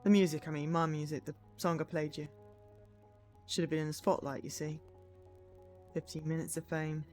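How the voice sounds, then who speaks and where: Woman voicing a drunk male musician, game passenger, mumbling, low-pitched, faint music behind. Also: little pitch movement, moderate pace, a little mellow, natural voice. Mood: tipsy rambling.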